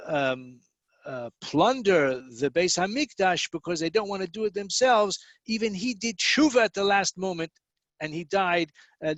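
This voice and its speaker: An American man, perhaps middle-aged, giving a recorded Torah lecture, explaining patiently, spelling out terms and pausing with fillers. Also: fairly high pitch, a bit bright, no echo. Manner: explanatory, spells out words, many fillers and restarts.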